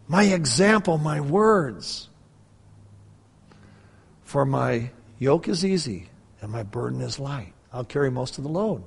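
A man in his sixties telling a story in a sermon, moving from hushed talk to loud preaching. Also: on the high side, expressive, unhurried, vocal fry, breathy edge. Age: 60s. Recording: long hall reverb.

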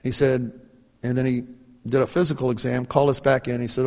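A middle-aged man preaches a personal testimony. He acts out the dialogue in a lively way, in a voice with a gravelly creak. A long reverb from the hall trails after his words. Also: medium pitch, a little fast. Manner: animated storyteller acting out dialogue.

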